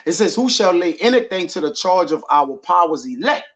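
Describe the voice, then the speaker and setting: A man teaching scripture in a loose, conversational way, often tagging his lines with "man" and "all right". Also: sits high. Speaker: preacher. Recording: dull lo-fi audio.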